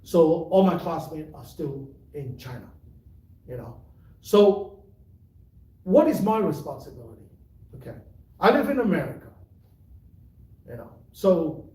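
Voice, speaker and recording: A male tai chi teacher giving an unhurried, explanatory live-stream talk with frequent fillers. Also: high-pitched, dark tone. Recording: roomy sound, mic at a distance.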